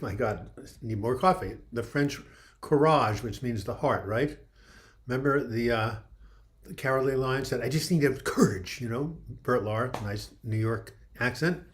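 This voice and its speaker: A man's voice: medium pitch, moderate pace. An older man in his seventies chats on a casual livestream, wandering from one joke to the next as he greets viewers by name. His throat sounds a little dry. He speaks from home into a computer mic. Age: 70s. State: dry throat with occasional coughing. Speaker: livestream host.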